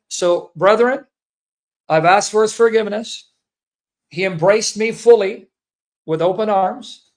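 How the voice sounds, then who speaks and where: A man's voice: sits high, a little slow, long pauses. A man hosting a livestream, making an earnest, emotional personal statement to his listeners, repeating himself and calling them brethren. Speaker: Christian apologist livestream host.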